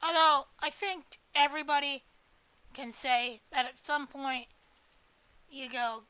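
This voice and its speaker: High, slow-talking woman game streamer. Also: animated, pushed and bright, no room sound, poor audio. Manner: rambling, profane, joking. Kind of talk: casual live-stream chat while gaming.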